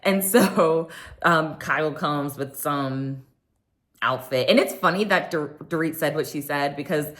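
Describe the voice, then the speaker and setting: A woman's voice: sits low, measured pace, fairly bright tone. A woman recapping a reality show in a chatty way, with lots of "um"s, often acting out what others said. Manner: chatty, many fillers, acts out quotes. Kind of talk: casual recap chat.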